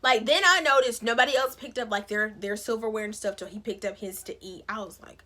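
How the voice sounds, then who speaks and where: A woman recapping a TV episode with sassy, animated commentary. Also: mid-range voice, a little fast, few pauses. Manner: sassy, expressive storytelling with playful asides. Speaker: recap vlogger.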